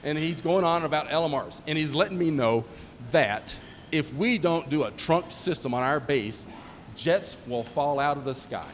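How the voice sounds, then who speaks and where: A middle-aged man with a fairly high voice tells joking stories at a retirement ceremony, playing every part of the dialogue himself. His voice carries a long hall reverb with a faint hum of ambient noise behind it. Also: animated, normal speed. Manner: joking storyteller who acts out dialogue. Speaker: former squadron commander giving a tribute. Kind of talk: anecdotal retirement ceremony speech.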